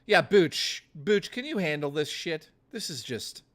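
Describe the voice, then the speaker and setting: A man's voice: a little high, sing-song, measured pace, a bit bright. A man streaming live, chatting casually with his viewers in a blustery, profane rant. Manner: profane, blustery ranting to chat.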